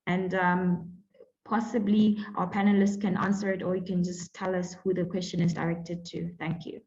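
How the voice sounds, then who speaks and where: A woman's voice: lowish voice, level tone, moderate pace, gravelly. A woman moderating an online panel discussion, chatty with many fillers and friendly invitations to the audience. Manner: chatty, many fillers, warm welcoming phrasing. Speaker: webinar moderator. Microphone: video call. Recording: dull lo-fi video call audio.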